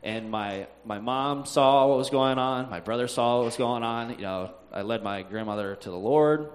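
A man telling a personal faith story in a halting way, with frequent "uh"s, sighs and restarts. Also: mid-range voice.

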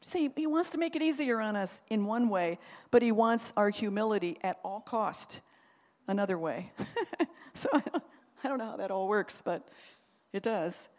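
A woman's voice: medium pitch, lively intonation, moderate pace, a little mellow. A woman giving a chatty personal faith testimony, laughing often and stopping to search for words. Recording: long reverb, as in a large hall.

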